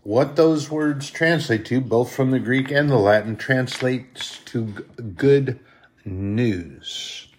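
Man, preacher, sermon, slow unhurried delivery, emotional, loud swells and soft drops. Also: medium pitch. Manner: impassioned, swelling loud on scripture then dropping soft; emotional, moved while reading.

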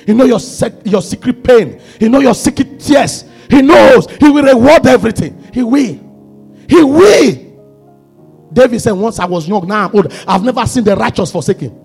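A man preaching a sermon as pastor, swinging between shouted climaxes and hushed low passages. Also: animated, fairly quick, creaky, slightly rough, faint music behind.

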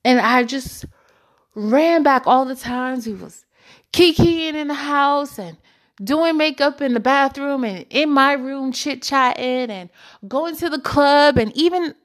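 A woman's voice: high-pitched, unhurried. A young woman in her twenties tells a personal story straight to the camera, talking in a candid, emotional way full of slang. She takes her time over each thought. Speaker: vlogger.

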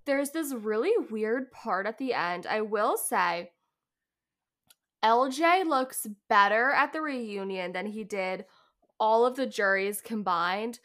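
A woman co-hosting a casual podcast, chatty and animated, talking in quick bursts full of restarts. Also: a little high. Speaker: podcast co-host. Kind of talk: casual chat recapping a reality show.

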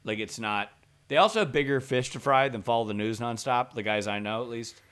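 Animated man chatting. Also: mid-range voice, brisk, clear, resonant tone. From American South. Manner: animated storyteller, laughs while telling. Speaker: podcast co-host. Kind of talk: casual chat.

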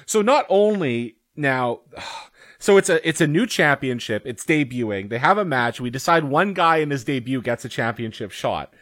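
A man's voice: mid-range voice, lively intonation, normal speed, fairly bright tone, no echo, clean studio sound. A young man co-hosting a casual podcast, talking with exasperated, sarcastic commentary. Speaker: co-host.

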